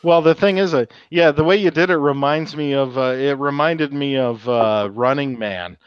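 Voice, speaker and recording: A man's voice: mid-range voice, normal speed, clean tone, dry recording, lo-fi sound. A man hosting a casual livestream chat, joking and swearing as he tells stories. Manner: crude, joking storyteller. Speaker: host.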